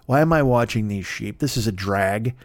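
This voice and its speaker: A man's voice: on the low side, moderate pace, no echo, voice pushed down, close to an everyday voice. Man doing a bored smug shepherd boy. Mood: bored scheming. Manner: lazy, sneering, mocking. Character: bored, smug young male shepherd prankster.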